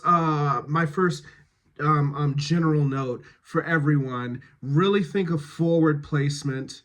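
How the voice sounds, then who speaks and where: A man giving dialect and voice notes to a cast of actors, speaking slowly with many pauses and fillers. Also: medium pitch. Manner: slow, halting, many fillers. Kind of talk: recorded rehearsal notes.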